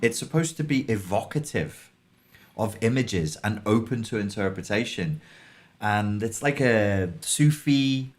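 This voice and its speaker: A man's voice: on the low side, lively intonation, measured pace. A middle-aged man, chatting casually as a podcast co-host, swearing freely and slipping into mocking voices. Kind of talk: casual chat.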